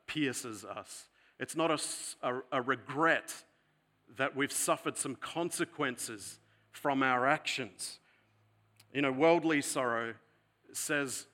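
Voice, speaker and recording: A man preaching a sermon, earnest and deliberate, slowing down to stress key words. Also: medium pitch. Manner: earnest preaching, slows for emphasis, drops softer later. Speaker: pastor.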